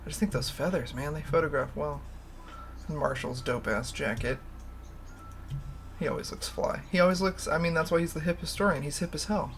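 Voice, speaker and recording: Over soft background music, this stream host talks briskly in a medium-pitched, creaky and slightly bright voice. The chat rambles candidly, full of laughs and loose swearing.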